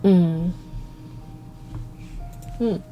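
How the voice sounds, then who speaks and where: A woman from Minnesota with a Minnesotan accent, chatting softly and rambling to her livestream chat. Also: lowish voice, extremely slow, dull audio, soft background music. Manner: soft-spoken and rambling, talking to chat. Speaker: nail art streamer.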